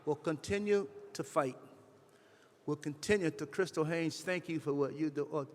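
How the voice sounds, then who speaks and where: Man, public speech, impassioned, fairly high voice, long hall reverb. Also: moderate pace. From western Massachusetts. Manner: impassioned, rising to emotional emphasis. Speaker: legislator speaking at an event. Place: large hall at a state house.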